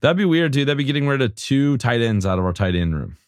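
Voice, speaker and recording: A man co-hosting a casual sports podcast, chatting in a relaxed way. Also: mid-range voice, quick pace, no echo, studio quality. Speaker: podcast co-host.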